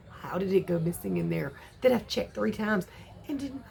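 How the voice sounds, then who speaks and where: A woman in her forties chatting casually on a vlog, excitable and ranting. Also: a little fast, vocal fry, a little hiss or hum. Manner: excitable ranting with big jumps in pitch. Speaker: vlogger.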